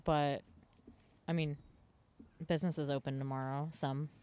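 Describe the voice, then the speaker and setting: Relaxed male guest, smooth resonant voice, laid-back delivery. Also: fairly high pitch, a little slow. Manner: easygoing, hesitant with fillers. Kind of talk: casual chat.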